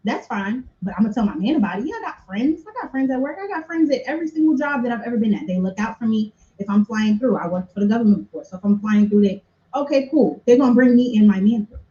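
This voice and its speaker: A woman with a mellow, warm tone lays out her view emphatically on a panel discussion. Her voice sits in an echoey room and comes through dull and lo-fi. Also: on the high side, lively intonation, fast. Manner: emphatic, conversational, repeats points. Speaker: podcast panelist. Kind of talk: opinionated discussion.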